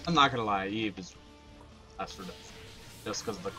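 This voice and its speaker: A young man in casual gaming voice chat, excitable and swearing often while he plays. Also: lowish voice, brisk, music in the background. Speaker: gamer on voice chat.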